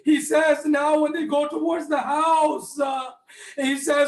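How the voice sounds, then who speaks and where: Man, very high-pitched voice, fervent preaching, near-shouting, questions for the congregation, echoey hall. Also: little pitch movement, takes it slowly. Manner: fervent, often raising his voice to a near shout; addresses listeners directly with questions. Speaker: speaker at a mourning gathering. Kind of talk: impassioned sermon.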